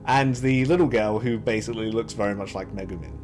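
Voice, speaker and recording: A man's voice: lowish voice, a little fast, faint music behind. A young man giving a casual, chatty review of anime, often restarting his sentences. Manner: lively, chatty, frequent restarts and fillers. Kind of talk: casual commentary.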